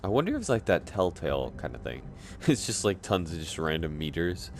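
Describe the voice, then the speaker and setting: A man's voice: sits low, sing-song, a little fast, a little hiss or hum. A man giving casual let's-play commentary, rambling and thinking aloud with many fillers. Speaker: gameplay narrator. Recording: game music playing behind.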